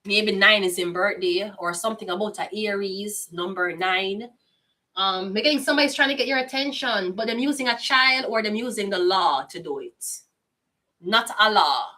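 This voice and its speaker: A woman's voice: medium pitch, normal speed, sharp tone, far from the mic. A woman with a Jamaican accent giving a casual tarot reading, blunt, chatty and profane in patois. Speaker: tarot reader.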